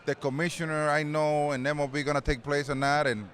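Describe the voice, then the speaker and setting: Relaxed rambling man, Spanish-accented English. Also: on the high side, a little fast. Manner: loose and rambling, many restarts, laughs easily. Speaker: interview guest, retired baseball player. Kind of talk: casual interview.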